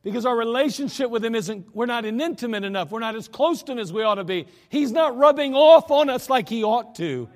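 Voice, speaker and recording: High-voiced earnest preacher man. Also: expressive, a little fast, hardly any pauses. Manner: earnest, emphatic, conversational preaching. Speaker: pastor. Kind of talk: sermon. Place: church. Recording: echoey church hall.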